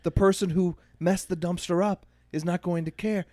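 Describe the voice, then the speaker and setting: A man's voice: high voice, fairly even intonation, moderate pace, a little mellow, no echo. Man telling rambling comic stories, dry sound. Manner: rambling anecdotal storyteller, dry jokey delivery. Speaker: podcast co-host. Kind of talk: comedy podcast banter.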